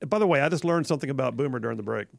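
A man's voice: medium pitch, expressive, vocal fry, no room sound. A man hosting a talk radio show in a studio, folksy and joking in casual banter. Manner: folksy, joking, quick to laugh.

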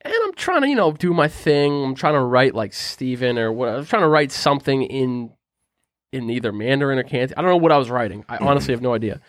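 Young male co-host, animated slangy storyteller, dry close-up sound. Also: mid-range voice, quick pace, no room sound. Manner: animated storyteller, slangy, says "right?" a lot. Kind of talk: casual storytelling chat.

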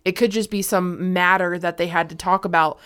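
A woman's voice: fairly low pitch, steady tone, brisk, a bit bright, clear, resonant tone. A woman co-hosting a podcast, listening in a laid-back way and offering ideas. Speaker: podcast co-host. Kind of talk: casual chat.

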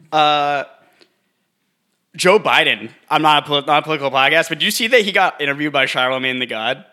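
A man with a bright, sharp voice co-hosting a casual podcast. He jokes in a laid-back way and often trips over his words. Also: fairly high pitch, expressive, moderate pace. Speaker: podcast co-host.

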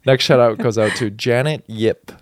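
A man co-hosting a podcast in casual chat, laid-back and quick to laugh. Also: mid-range voice, no echo. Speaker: podcast co-host.

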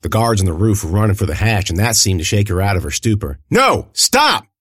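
A man narrating a first-person audiobook in an expressive, lively storytelling manner. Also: on the low side, fast, husky, dry recording, studio quality.

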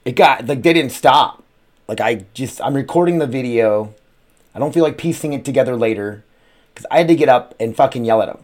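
A man hosts a casual podcast from his home. He rambles from one thought to the next, swears freely and fills pauses with "uh." He sounds like an ordinary guy chatting into a mic. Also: mid-range voice, darkish tone. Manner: rambling, profane, frequent "uh" fillers. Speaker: podcast host. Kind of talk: casual solo podcast chat.

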